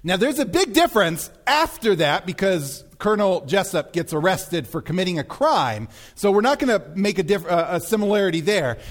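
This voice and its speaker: A male pastor preaches with a high voice that swings widely in pitch. He tells stories in an animated way and slips into acting out the scenes he describes. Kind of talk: sermon.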